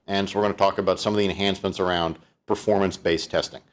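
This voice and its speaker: A Canadian keynote presenter with a fairly low voice talks rapid-fire through a live-streamed keynote, relaxed and conversational. He repeatedly restarts phrases and plugs gaps with "um" and "uh."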